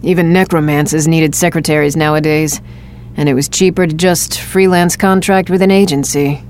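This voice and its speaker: A woman narrating a story in the first person in a steady, scripted way. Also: low voice, moderate pace, a little hiss or hum.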